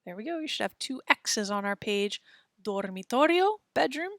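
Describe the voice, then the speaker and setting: A woman teaching a children's language lesson, patient and encouraging, speaking slowly and clearly. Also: fairly high pitch, very animated, no echo, clean studio sound.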